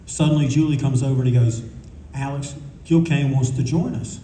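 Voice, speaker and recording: A man's voice: mid-range voice, fairly even intonation, normal speed, mellow, slight background noise. Older man telling rambling stories, echoey. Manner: rambling, acts out quotes of others. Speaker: convention panel storyteller. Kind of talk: casual anecdotal storytelling. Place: convention panel room. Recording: echoey room from a distance, faint ambience.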